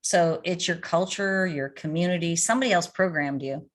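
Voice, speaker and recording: Lively middle-aged woman telling stories. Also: fairly low pitch, normal speed. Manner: animated, storytelling with anecdotes. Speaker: addiction coach. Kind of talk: conversational interview answers.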